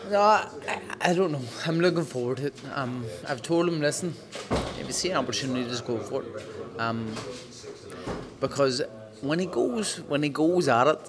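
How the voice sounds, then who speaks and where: A man's voice: on the high side, lively intonation, normal speed. A man with a Northern Irish accent, a boxer chatting frankly and swearing at ringside, often repeating his words. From Northern Ireland. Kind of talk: casual chat. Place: busy boxing arena. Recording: loud arena crowd behind.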